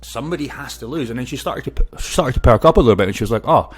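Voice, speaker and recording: Racing along in a husky middle register, a man holds forth in a casual crypto video. Stories and opinions come out loud, profane, and full of energy.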